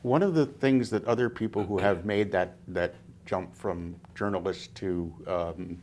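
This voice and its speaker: A man interviewing a guest for an oral history, asking questions in a measured, hesitant way. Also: deep voice, a little mellow.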